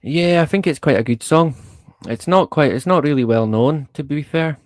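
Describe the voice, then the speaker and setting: A man's voice: a little high, moderate pace, no echo, clean studio sound. A man hosting a casual livestream, rambling in a laid-back way, chuckling often and swearing casually. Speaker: livestream host.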